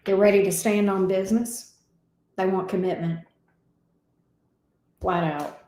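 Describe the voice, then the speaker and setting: A woman's voice: mid-range voice, steady tone, measured pace, roomy sound, background noise. A woman giving a casual, emotional tarot reading. She talks expressively and swears now and then. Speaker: tarot reader.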